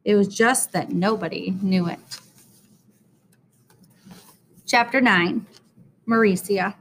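A woman reading a children's book aloud in an expressive, deliberate way. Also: mid-range voice. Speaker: storyteller.

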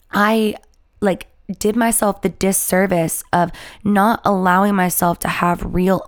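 Low, gravelly-voiced young woman confiding. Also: no echo, clean studio sound. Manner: rambling, confessional, heavy with "like" and restarts. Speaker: YouTuber. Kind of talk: candid personal storytelling to viewers.

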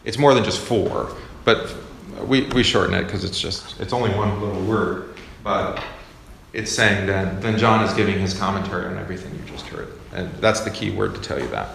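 Casual Bible study leader, a man with a low, gravelly voice, echoey room. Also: moderate pace, fairly bright tone. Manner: conversational, self-correcting, asks the class questions. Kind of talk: informal classroom teaching. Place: classroom or church meeting room. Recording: echoey room with faint noise.

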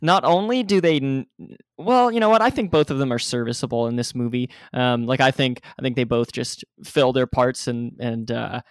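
A man's voice: medium pitch, moderate pace, no room sound, clean studio sound. A man co-hosting a casual movie review chat, thoughtful and rambling. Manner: thoughtful, rambling, many fillers. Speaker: podcast co-host.

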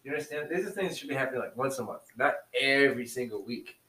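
A man's voice: mid-range voice, animated, fast, pushed and bright, distant mic. A male teacher co-hosting a casual podcast, telling stories about his class and laughing easily as he goes. His voice sits a little back from the microphone, and the room gives it a noticeable echo. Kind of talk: casual chat. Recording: roomy echo, set back from mic.

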